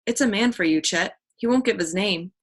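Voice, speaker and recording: A woman reading the part of a lively teenage girl who talks in a quick, excitable way. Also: mid-range voice, lightly acted. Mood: worried.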